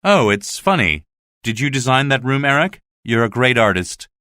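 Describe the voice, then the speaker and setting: A man's voice: medium pitch, very animated, moderate pace, bright, forceful tone, clear, resonant tone, no echo, clean studio sound. A man voicing a frightened young woman in a storybook reading, pushing his voice up and pleading. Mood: forced cheer. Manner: pleading, rising in alarm.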